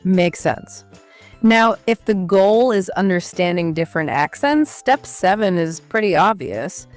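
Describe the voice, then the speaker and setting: Woman, lowish pitch, upbeat podcast chat, faint background music. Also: animated, unhurried. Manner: upbeat, walks through steps in order. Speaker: podcast co-host. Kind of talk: scripted educational podcast chat.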